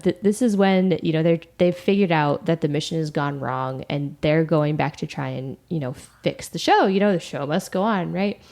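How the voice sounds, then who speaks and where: A woman co-hosting a podcast, chatting casually about a TV episode and laughing often as she talks. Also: low voice. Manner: giggly, animated, often laughing while talking. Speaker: podcast co-host. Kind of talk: casual TV recap chat.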